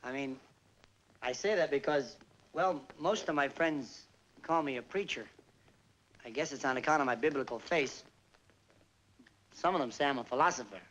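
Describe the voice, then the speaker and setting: An actor playing a wry returning army entertainer. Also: male voice, medium pitch, moderate pace, pauses often, a bit bright, slight background noise, natural voice, rough recording. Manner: wry storytelling with comic timing. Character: self-mocking male entertainer home from army service. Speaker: stage entertainer. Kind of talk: 1950s film stand-up monologue.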